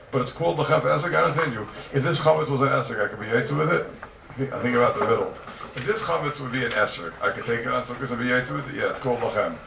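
A gravelly, mid-range male voice leads a yeshiva-style Talmud class, animatedly firing quick rhetorical questions at his students. The classroom recording is roomy and echoey, with a distant mic and noisy ambience.

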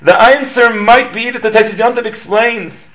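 High-voiced man giving a Torah lecture. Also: fairly bright tone. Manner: measured, explanatory, poses rhetorical questions. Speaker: Torah teacher. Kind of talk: read-aloud Torah lecture.

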